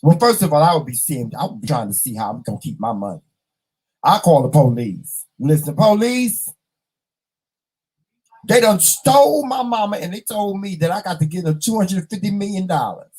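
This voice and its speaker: A vlog host chats casually with viewers, reading their comments and dramatically acting out little scenes with plenty of animation. His husky voice sits high at normal speed, and the recording is rough.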